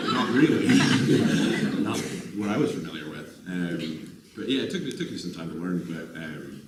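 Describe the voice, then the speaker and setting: An American actor from the United States answering questions at a live screening Q&A, jokey and quick to laugh. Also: male voice, deep voice, wildly swooping pitch. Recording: echoey hall from far off, loud noise.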